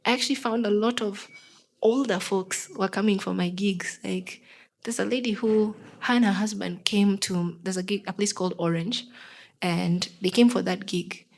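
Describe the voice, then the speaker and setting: Young Kenyan woman, guest singer. Relaxed interview chat in a Kenyan accent, animated and expressive, acts out the people in her stories. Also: medium pitch, moderate pace, creaky, rough recording. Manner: lively storyteller who acts out the people she quotes.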